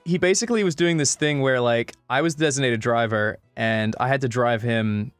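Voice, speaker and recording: A man from Western Australia with an Australian accent, telling a story in casual chat, animated and swearing freely. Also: mid-range voice, brisk, smooth, no echo, faint music behind.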